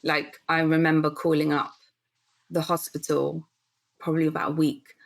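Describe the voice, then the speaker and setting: Gravelly-voiced woman telling her story. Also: deep voice, flat delivery, normal speed. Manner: earnest, rambling with restarts and reenacted quotes. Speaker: podcast guest, business founder. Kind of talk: candid conversational storytelling.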